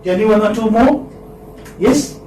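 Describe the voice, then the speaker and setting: Slow, high-voiced Indian lecturer in echoey classroom. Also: male voice, warm tone. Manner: repeats words slowly and checks with "hmm?". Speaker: English literature lecturer. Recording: echoey room, distant mic, faint hiss.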